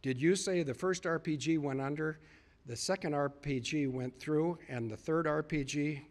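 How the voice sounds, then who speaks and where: A man's voice: fairly high pitch, moderate pace. A man speaking to a live audience, earnestly retelling conversations with emphatic repetition. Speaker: public speaker. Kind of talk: storytelling speech to a live audience.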